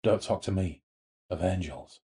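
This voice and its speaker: A man reading aloud from a horror novel, voicing a sinister ancient male demon in a throaty, low, quiet and menacing way. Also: measured pace.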